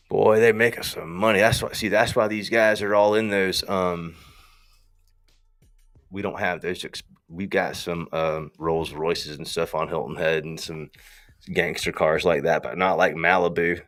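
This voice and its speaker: Deep-voiced man with a Southern US accent. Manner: rambling, slangy, animated. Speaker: host. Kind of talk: casual livestream talk.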